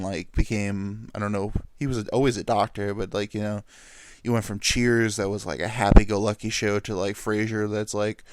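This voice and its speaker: With a lowish voice captured in clean studio sound and no room echo, a man from New York in his thirties vlogs alone. He rambles through crude, animated stories and keeps breaking into silly voices.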